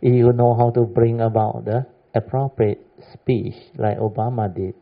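Husky-voiced man teaching in chatty bursts. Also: medium pitch, steady tone, normal speed. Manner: keeps asking "understand or not?", emphatic and chatty. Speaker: Buddhist Dhamma teacher. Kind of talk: informal Dhamma talk with questions. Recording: dull lo-fi recording.

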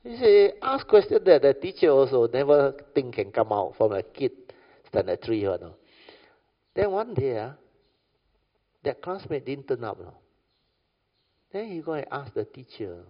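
A man's voice: medium pitch, big pitch swings, normal speed, long pauses. A man with a Malaysian English accent giving an informal Buddhist talk, telling stories and often checking if listeners understand. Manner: conversational, keeps asking "understand or not?". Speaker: Buddhist dharma speaker. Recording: echoey hall, dull lo-fi sound.

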